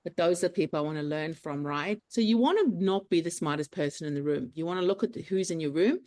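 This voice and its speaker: A woman, a clinic owner talking as a podcast guest, animated, acting out the voices in her stories. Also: lowish voice, fast talker. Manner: animated storyteller, acts out quotes. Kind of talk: casual interview chat.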